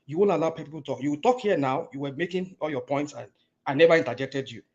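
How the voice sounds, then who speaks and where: A man's voice: a little high, quick pace, highs cut off. A man, arguing indignantly in a heated political debate and repeating words to break in. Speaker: caller in a political discussion.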